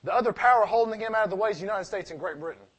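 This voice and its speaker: A husky, high-voiced man preaches a sermon at a very fast clip, hammering his main points loudly before sliding into soft, almost mumbled asides. He keeps posing rhetorical questions and then answering them himself.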